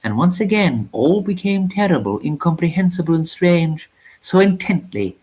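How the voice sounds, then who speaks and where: A storyteller reads a bleak war novella aloud at a steady, measured pace, with a somber tone. The voice sits in a middle register, neither high nor low. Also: slightly rough, low-quality recording. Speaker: reader of a story channel.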